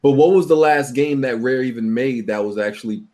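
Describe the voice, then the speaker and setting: A man's voice: mid-range voice, a little fast, darkish tone. A man in a casual gaming chat, telling stories with a wry edge. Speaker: podcast co-host.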